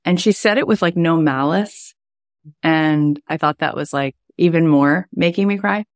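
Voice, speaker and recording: A woman's voice: sits low, moderate pace, dry recording, clean studio sound. A middle-aged woman, a life coach and podcast host, telling a personal story in a chatty, heartfelt way, with many "like" fillers.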